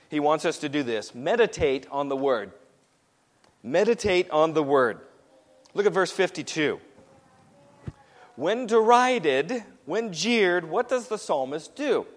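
A man's voice: sits high, animated, unhurried, long pauses, in a large hall. A man preaching a sermon to a congregation, emphatic and repetitive as he presses each point home. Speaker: pastor.

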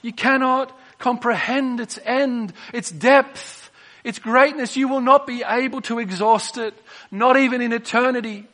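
A man preaching a sermon, swinging between soft, drawn-out phrases and emphatic bursts. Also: extremely high pitch, steady tone.

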